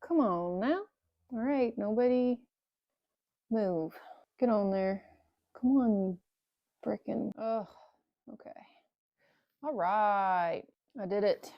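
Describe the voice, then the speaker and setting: The sound is lo-fi with no echo, carrying a woman's medium-pitched voice. She's a motorcycle vlogger talking casually to the camera while working on her bike in a cold garage, her hands cold, grumbling, cursing and making sarcastic jokes to herself.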